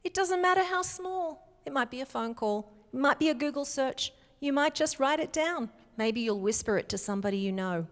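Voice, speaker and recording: A middle-aged woman giving a motivational keynote talk in a large hall, speaking slowly and emphatically with clear enunciation. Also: high-pitched, lively intonation. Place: large hall before a live audience. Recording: long hall reverb.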